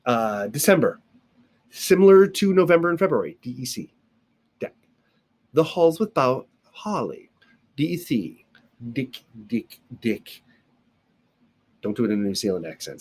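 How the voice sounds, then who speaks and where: Husky and a little mellow at medium pitch, this man teaches sign language in a casual video lesson filmed alone indoors. He walks through things step by step, tossing in playful sound effects and asides.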